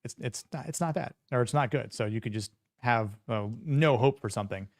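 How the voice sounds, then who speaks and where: A man's voice: medium pitch, fairly quick, dry recording, clean studio sound. A man co-hosting a podcast in casual chat, rambling with many fillers and restarts. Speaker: podcast co-host.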